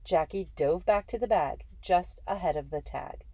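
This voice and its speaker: A woman reading a first-person story aloud in a steady, measured way. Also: on the low side, no echo. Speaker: audiobook narrator.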